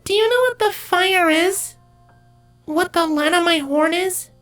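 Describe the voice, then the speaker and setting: A man voicing a small, timid young male changeling nymph with a high, childlike, plaintive voice. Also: a little slow, sharp tone, faint music behind, exaggerated voice. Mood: curious.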